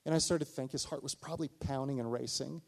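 A middle-aged male pastor preaching a sermon, telling a personal story with animated delivery and acted-out dialogue. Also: medium pitch, fast talker, vocal fry.

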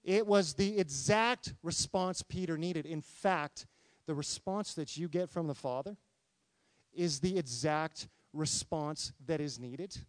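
A man preaching a sermon, reading scripture and asking the congregation questions in an animated, conversational way. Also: fairly high pitch, takes it slowly, no room sound. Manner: animated, talks to congregation with questions, acts out quotes. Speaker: pastor.

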